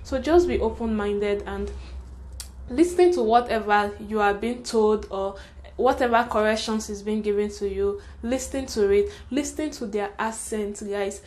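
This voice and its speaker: A young Nigerian woman with a Nigerian accent, talking fast and frankly in a casual storytime vlog, giving advice. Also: mid-range voice, darkish tone. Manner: chatty, fast, frank, with frequent laughter and "sha". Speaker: vlogger.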